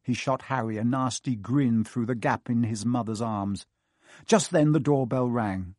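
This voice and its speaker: A man reading an audiobook with lively, expressive narration. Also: medium pitch, unhurried, no room sound, studio quality.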